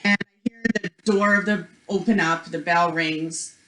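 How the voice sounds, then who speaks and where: A woman presents a spiritual workshop, chattily sharing a personal story full of "like" and "you know" and acting out the voices of the people involved. Her voice is fairly low, a bit bright, with fairly even intonation and a measured pace. The room is echoey.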